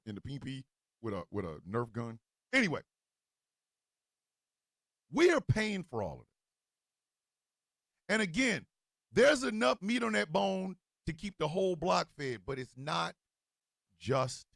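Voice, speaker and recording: A male host with a mixed New Jersey and Missouri accent rants loudly and profanely and often breaks into shouts. His voice sits high, swings widely up and down, and has a bright, gravelly edge. The sound is dry and close. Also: no room sound. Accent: mix of New Jersey and Missouri. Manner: loud, profane and animated, with bursts of shouting. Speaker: show host and co-owner. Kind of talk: profane political rant on a livestream.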